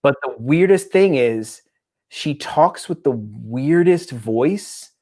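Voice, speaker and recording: A man's voice: medium pitch, expressive, takes it slowly, a little mellow. A man co-hosting a podcast, talking in a rambling, tangent-prone way. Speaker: podcast co-host. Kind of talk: casual chat.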